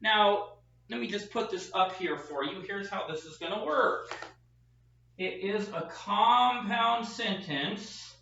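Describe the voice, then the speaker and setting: A man's voice: high voice, slow, vocal fry, pushed and bright. Man lecturing in an echoey classroom. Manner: chatty, self-deprecating teaching. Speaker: professor. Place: classroom with whiteboard. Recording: echoey, distant, dull room sound.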